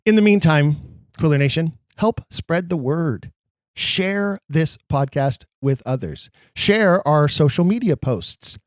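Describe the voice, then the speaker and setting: A male podcast host wrapping up an episode with cheerful, lively announcements. His voice sits at a middle pitch and is recorded close and dry, with no room sound. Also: no room sound. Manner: upbeat, promotional, lively delivery.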